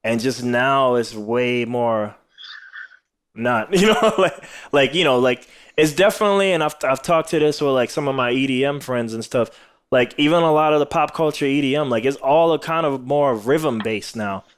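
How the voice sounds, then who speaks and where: A man's voice: medium pitch, normal speed, smooth. Tired male podcast host, rambling casual talk with laughs, mid-range voice. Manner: laughs often, rambling with many fillers. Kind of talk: casual chat.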